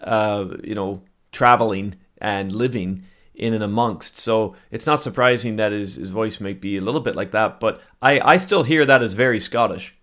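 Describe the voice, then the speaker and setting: A man's voice: on the low side, moderate pace, a bit bright. Thoughtful male podcast co-host. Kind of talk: casual chat.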